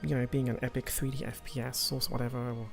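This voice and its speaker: A man's voice: medium pitch, little pitch movement, quick pace, vocal fry, music in the background. A man streaming a video game, rambling with lots of hesitations and fillers. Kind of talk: casual gameplay livestream commentary.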